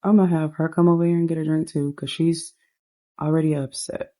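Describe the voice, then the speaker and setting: A woman's voice: deep voice, little pitch movement, fairly quick, mellow. A woman giving chatty, rambling commentary as she plays a life-sim game and narrates its characters. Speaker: game streamer.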